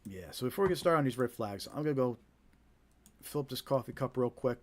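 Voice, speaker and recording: A man with a New Jersey accent talks to his viewers in an easygoing, conversational way, circling back with "you know" and restarting his sentences. His voice sits at a middling pitch for a man. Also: lively intonation, a little fast. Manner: chatty and conversational, many fillers and repeated starts. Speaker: host of a scam awareness live stream. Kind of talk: casual live-stream chat.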